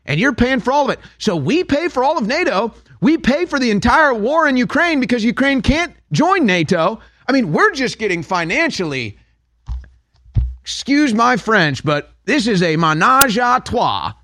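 A man's voice: very high voice, sing-song, normal speed, bright, forceful tone, no room sound. A man hosting a talk radio show, delivering a sarcastic, heated opinion monologue in a studio.

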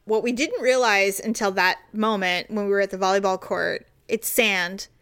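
A woman's voice: mid-range voice, normal speed, fairly bright tone, clear, resonant tone. A woman co-hosting a casual chat, telling a story with lots of energy and acting out the voices of the people in it. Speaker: co-host.

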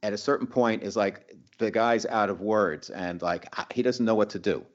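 A man interviewing a guest in casual conversation, halting and restarting as he plays out examples. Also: fairly low pitch, lo-fi sound.

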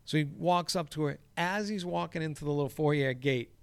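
A man's voice: a little high, moderate pace, gravelly, clean tone, no echo. A man, a golf course crew boss, telling a story in casual chat, swearing freely and acting out the quoted dialogue. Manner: profane, acts out quoted dialogue.

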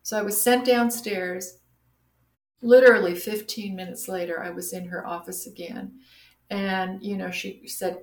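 A middle-aged woman telling her personal story in a casual interview, animated and acting out the voices of people she quotes. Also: medium pitch, unhurried. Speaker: guest sharing her story. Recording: roomy echo.

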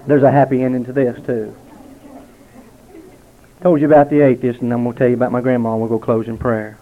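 A man giving a heartfelt spoken testimony to a gathering at a restaurant, telling stories with dramatic pauses. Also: medium pitch, flat delivery. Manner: earnest, storytelling with dramatic pauses. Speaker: lay speaker giving testimony. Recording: tinny, narrow-band lo-fi recording.

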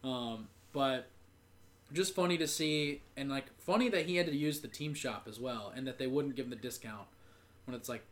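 A man's voice: mid-range voice, moderate pace. A man co-hosting a sports podcast, telling a story in a chatty way with lots of filler words. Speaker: podcast co-host. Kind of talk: casual sports chat.

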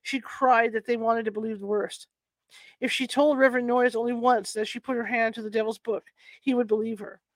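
A woman's voice: on the high side, steady tone, fairly quick, no echo. A woman with allergies reading a nonfiction history book aloud in a casual way, stumbling over words, correcting herself and adding chatty asides. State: bothered by allergies.

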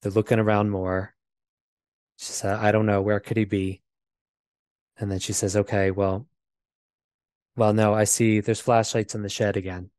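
A low-pitched man talks through a painful memory as an interview guest. His speech is halting and full of fillers and restarts. The sound is close and dry, with no room to it. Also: flat delivery, a little mellow, smooth, no room sound. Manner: halting, repeats himself, many fillers. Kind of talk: personal storytelling.

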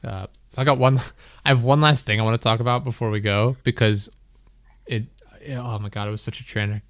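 A man's voice: medium pitch, fairly even intonation, brisk, dry recording, studio quality. A young man hosting a podcast, telling a story in a rambling, laughing way, full of "like". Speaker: podcast host. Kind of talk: casual chat.

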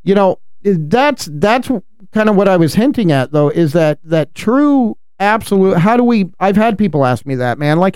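An earnest man with a high, smooth voice talks through matters of faith in a casual, animated way, breaking into laughter now and then. The sound is dry and close, with no room around it. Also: normal speed, no echo. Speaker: podcast co-host.

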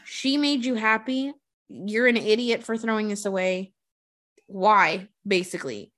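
A woman's voice: medium pitch, a little slow. A woman casually retelling a movie plot with frequent swearing, acting out the characters' lines. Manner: profane, animated retelling with quoted voices.

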